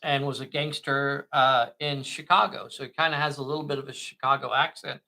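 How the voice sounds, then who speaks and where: A man whose first language is not English, narrating a tabletop miniatures game with slow, dramatic play-by-play. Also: mid-range voice, level tone, bright, forceful tone.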